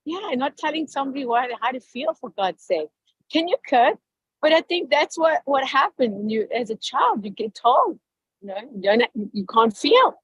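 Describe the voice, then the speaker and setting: A fairly high-voiced woman hosts a casual group conversation over a video call. She talks in an effusive, animated rush full of fillers. Her voice is slightly husky and the sound is dry and close. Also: moderate pace, dry recording, poor audio.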